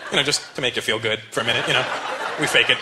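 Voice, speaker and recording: A man's voice: medium pitch, steady tone, racing, noisy background. A male stand-up comedian speaking to a live audience in a teasing, conversational way. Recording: live show with loud crowd laughter.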